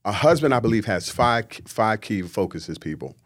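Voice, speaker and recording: A man, a guest on a podcast, talking in a lively, preachy way and mimicking people he quotes. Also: fairly low pitch, moderate pace. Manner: animated, preachy, acts out quotes in mocking voices. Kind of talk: casual podcast conversation.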